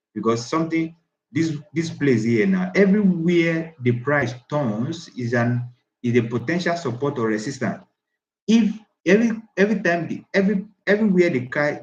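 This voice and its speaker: Emphatic man teaching trading in a roomy room. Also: medium pitch. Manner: repetitive, emphatic, restarts phrases while pointing at a chart. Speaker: trading instructor. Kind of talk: screen-share trading lesson. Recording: roomy, slightly dull lo-fi audio.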